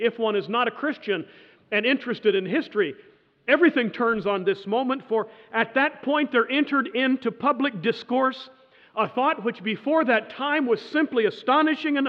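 A man's voice: very high-pitched, animated. Man lecturing in a reverberant hall. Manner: emphatic, with dramatic pauses and swells. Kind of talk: dramatic historical storytelling lecture. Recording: dull lo-fi sound in a reverberant hall.

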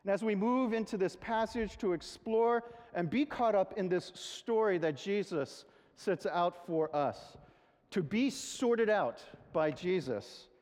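A pastor preaches in an earnest, conversational way, pausing to reflect. His voice sits fairly high for a man. The long reverb of a large church hall trails behind every phrase. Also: darkish tone. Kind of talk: sermon.

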